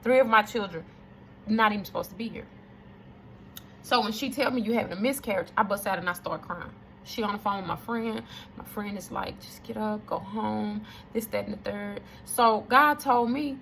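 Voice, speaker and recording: An emphatic woman, speaking straight to her viewers. Her voice is bright and forceful, with a gravelly fry, and a faint hiss of noise sits behind it. She drives her points home by repeating them. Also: medium pitch, normal speed. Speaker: storyteller addressing viewers. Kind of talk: casual testimony to camera.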